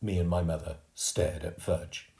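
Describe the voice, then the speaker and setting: A man reading a children's book aloud as a storyteller, slow and expressive, in a roomy recording. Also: sits low, gravelly. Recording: roomy echo.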